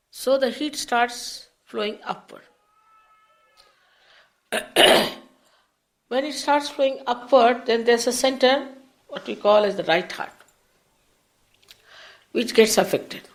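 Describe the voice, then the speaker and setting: Older lady teacher giving a public talk, gravelly voice, slow and explaining, rises and drops a lot. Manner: unhurried, explanatory, big swings in pitch and loudness. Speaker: spiritual teacher. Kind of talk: public spiritual lecture. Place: public program before an audience.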